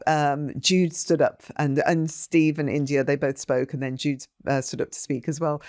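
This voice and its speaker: A middle-aged woman co-hosting a casual podcast chat, emotional and quick to laugh. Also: a little mellow, dry recording, studio quality. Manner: emotional, laughs often, rising to high laughs. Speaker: podcast co-host.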